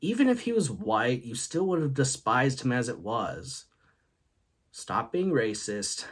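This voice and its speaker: A man's voice: mid-range voice, sing-song, measured pace, slightly rough. A man hosting a comedy show, telling stories about his grandfather and laughing at his own jokes. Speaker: host. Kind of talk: comedic storytelling monologue.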